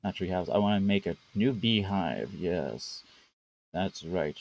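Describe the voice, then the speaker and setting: A man's voice: low voice, a little slow, a little mellow, lo-fi sound. A man streaming a game live, chatting casually, talking to the animals and using playful broken grammar. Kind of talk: live gameplay commentary.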